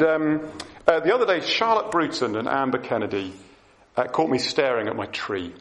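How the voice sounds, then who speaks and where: A middle-aged man giving a chatty, self-deprecating sermon as a preacher in church. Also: a little high.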